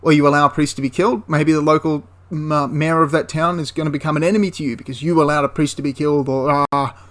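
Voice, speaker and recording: A man's voice: on the high side, steady tone, fast talker, few pauses, a bit bright. A man giving a casual, enthusiastic spoken review of a tabletop wargame, rambling into asides and restarting his sentences.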